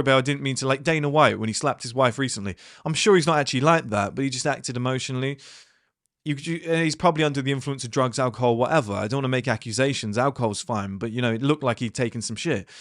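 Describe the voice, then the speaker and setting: A man in his thirties talks straight to his viewers in a loose, motivational ramble. His voice sits at a middling pitch and is recorded close and dry, with no room sound. He swears freely and circles back on his points with lots of "like" and "you know". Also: a bit bright, no echo. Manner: blunt, swears freely, rambling with many fillers. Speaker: channel host. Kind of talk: casual motivational talk to viewers.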